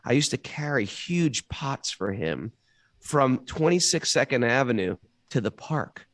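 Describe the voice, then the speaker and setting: A man's voice: mid-range voice, sing-song, unhurried, dry recording. A man retelling a sad homeless street guy. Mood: morose. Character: grieving homeless man who lives in street trash.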